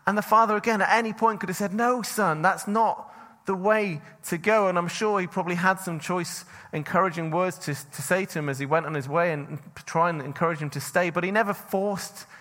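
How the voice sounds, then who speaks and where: A man's voice: sits high, steady tone, quick pace, hardly any pauses, bright, forceful tone. A man preaching a sermon and reading scripture, speaking earnestly in a loose, conversational way with restarts. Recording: long hall reverb.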